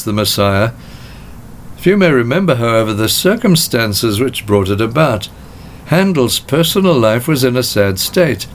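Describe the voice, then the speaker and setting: A man preaching a sermon as pastor, with measured delivery and slowed, emphatic phrases. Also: medium pitch, slight background noise.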